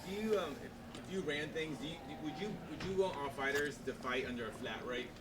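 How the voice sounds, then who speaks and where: A man, a reporter, asking a halting question with several restarts. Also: on the high side. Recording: distant mic with loud background noise.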